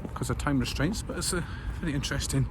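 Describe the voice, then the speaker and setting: A Scottish man narrates his day out for a travel vlog, chatting easily and wandering off track with lots of ums. His voice sits mid-range, recorded handheld outdoors. Street and traffic noise runs clearly underneath. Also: medium pitch, fast talker. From Scotland. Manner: chatty, rambling with frequent fillers. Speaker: travel vlogger. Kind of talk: casual walking vlog narration. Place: outdoors in town streets and station, rainy.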